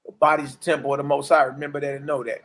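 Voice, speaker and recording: A man in his forties giving a casual, preachy testimony as a livestream host, slangy and animated, often asking "you dig?". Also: fairly high pitch, racing. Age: 40s.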